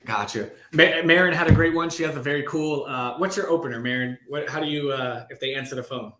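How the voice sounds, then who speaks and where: A man's voice: on the high side, fast talker. A male host chatting casually and upbeat about cold calling in a live online session. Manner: upbeat, relaxed, casual filler-heavy talk. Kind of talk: live online sales chat. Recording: roomy echo.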